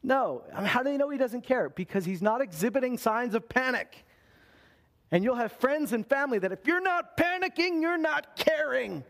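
A pastor preaches a sermon at a moderate pace, his voice carrying some vocal fry as he speaks directly to his listeners. He's animated, and when he acts out a scene he slips into panicked voices with big swings in pitch.

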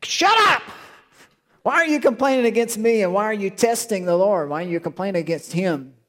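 A man voicing Moses as an exasperated, pleading older man in a sermon retelling. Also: brisk. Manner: high, loud and pleading.

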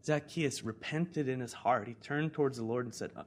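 A man with an American accent preaching a sermon as pastor, talking conversationally and swinging between loud emphasis and hushed, prayerful lines. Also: mid-range voice, normal speed.

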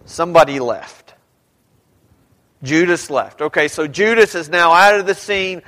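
A man's voice: fairly high pitch, a little slow, sharp tone. A man preaching a sermon, reading scripture aloud and asking his congregation questions as he explains it. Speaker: pastor. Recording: long hall reverb.

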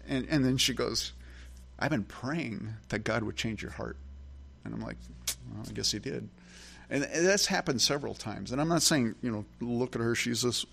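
A middle-aged male pastor giving a sermon in a folksy, self-deprecating way. His voice has a gravelly edge at a middle pitch. He often stops and restarts his sentences. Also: fairly bright tone.

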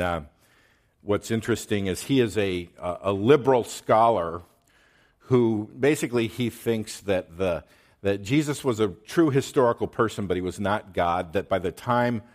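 A man preaching a teaching sermon, stressing words and pausing to check in with his listeners. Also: lowish voice. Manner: emphatic, pauses to drive points, checks in with "okay?". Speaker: pastor.

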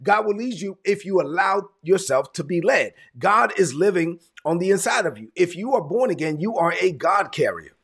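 Brief: male preacher, fairly high voice, gravelly and husky, chatty and emphatic. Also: expressive, moderate pace, hardly any pauses, fairly bright tone. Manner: conversational, emphatic preaching with repetitions. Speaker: pastor. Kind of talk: sermon.

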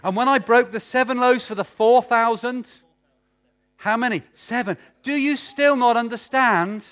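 A man's voice: very high voice, a little slow, a bit bright. A preacher voicing Jesus as an exasperated teacher who chides his followers with rhetorical questions. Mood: chiding. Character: Jesus, a patient yet exasperated male teacher.

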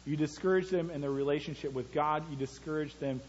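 A man's voice: a little high, fairly quick, a little hiss or hum. A man, a pastor with young sons, preaching a sermon in a conversational way and telling stories from family life. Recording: dull lo-fi church recording.

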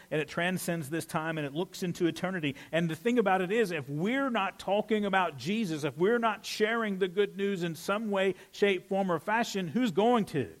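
A man preaching to his congregation in a relaxed, conversational way. His voice sits a little higher than most men's, and he jumps into lively, playful asides. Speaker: pastor. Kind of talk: sermon.

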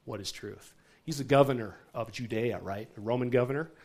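A man preaching a sermon to a congregation in a church, in a relaxed, conversational way and often checking in with his listeners. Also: medium pitch, brisk, slightly rough. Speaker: pastor.

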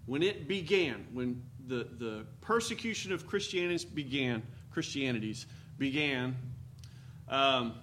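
A man's voice: mid-range voice, fairly bright tone. A man preaching a sermon in a folksy, storytelling manner with dramatic emphasis. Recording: faint background noise.

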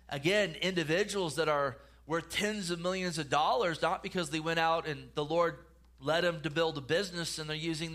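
A pastor preaching with a bright, forceful voice that sits a little high for a man. His delivery is earnest, with repeated words and restarted phrases. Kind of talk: sermon.

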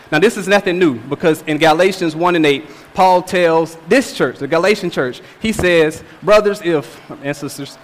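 A young man in his twenties delivers a sermon with a high, lifted voice, driving his points home with repetition and a recurring "all right?". His words ring out with a long reverb through a church sanctuary. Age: 20s. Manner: emphatic, repeats phrases with rhetorical "all right?". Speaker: preacher.

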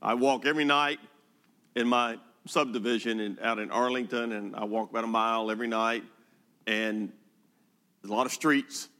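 An older male pastor preaches in a bright, forceful voice. He is folksy and unhurried, and he weaves humorous personal anecdotes into his sermon. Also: medium pitch, fairly even intonation. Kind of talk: sermon storytelling.

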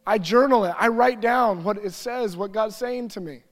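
High-voiced male pastor in a reverberant hall. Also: normal speed. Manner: earnest, repetitive lists, drops to quiet prayerful reading. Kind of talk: sermon.

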